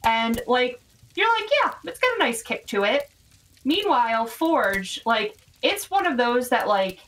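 A woman narrating a tabletop game as game master, unhurried and full of fillers. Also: a little high, a bit bright, far from the mic, low-quality recording. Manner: unhurried, hesitant with many fillers.

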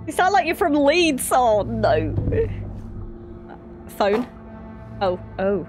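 A woman streaming a horror game, chatting excitably with her viewers and swearing freely. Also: on the high side, slow, long pauses, music in the background.

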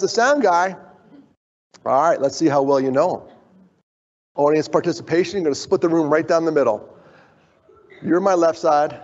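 A man's voice: fairly high pitch, darkish tone. Middle-aged man speaking in an echoey hall. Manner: jokey, draws in the audience, then turns earnest. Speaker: keynote speaker. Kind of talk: motivational conference talk. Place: conference hall. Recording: dull, echoey hall sound.

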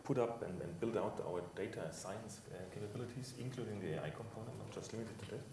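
A man answering as a reinsurance executive on a conference panel, measured and explanatory, with hesitant fillers. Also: lowish voice, darkish tone, slight background noise. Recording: roomy panel hall from far off.

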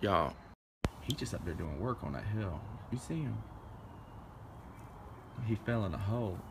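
A man, chatting in a sassy, animated vlog while walking his dog outdoors on a handheld phone. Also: fairly low pitch, a little slow, noisy background. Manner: animated, sassy, playful running commentary. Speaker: vlogger. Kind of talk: casual vlog chat.

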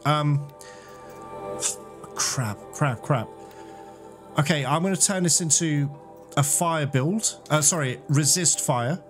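A man giving casual commentary while playing a video game blind, excitable, swearing and laughing, yelping in panicked moments. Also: a little high. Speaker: gamer playing a blind let's play. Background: game music.

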